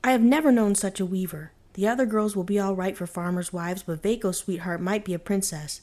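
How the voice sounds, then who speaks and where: A woman voicing a gentle, fair-minded old farmer speaking to his sons in a bedtime storybook reading, in a measured, fatherly way. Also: medium pitch, fairly even intonation, close to an everyday voice.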